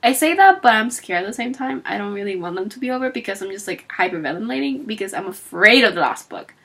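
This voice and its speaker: A woman giving a casual book talk, chatty and animated, acting out characters' lines as she retells the story. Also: mid-range voice, quick pace. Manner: chatty with frequent fillers and laughs. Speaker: book reviewer.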